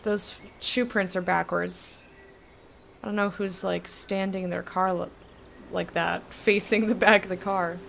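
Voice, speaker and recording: Chatty young woman with a gravelly edge. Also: medium pitch, unhurried, slight background noise. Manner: chatty, thinks aloud, jumpy bursts of excitement. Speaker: let's play streamer. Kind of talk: casual game commentary.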